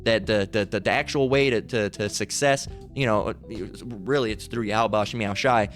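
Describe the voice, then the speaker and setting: A man's voice: fairly low pitch, normal speed, soft background music. A man preaching heatedly, stumbling and restarting often as he builds to fiery peaks. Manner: fiery, repetitive, with many restarts.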